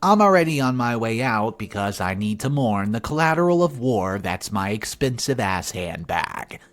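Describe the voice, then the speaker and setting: A man's voice: lowish voice, sing-song, normal speed, faint music behind. A man narrating an online family-drama story in a sarcastic, wry tone.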